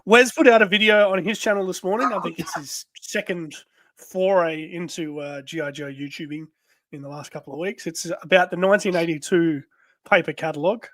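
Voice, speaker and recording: A man's voice: high voice, fairly quick, a bit bright. A man co-hosting a casual toy livestream, dropping laid-back asides with a few fillers.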